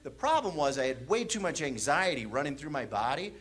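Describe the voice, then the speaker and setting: A man's voice: fairly high pitch, big pitch swings, fairly quick, a bit bright. A man from the Midwest doing stand-up comedy, telling anxious stories in a manic, rambling way on a comedy club stage.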